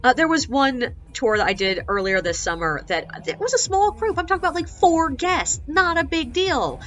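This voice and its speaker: A woman working as a ghost tour guide, telling stories in a casual, sarcastic, animated way and acting out the quotes. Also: high-pitched, moderate pace, faint music behind. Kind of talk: casual storytelling vlog.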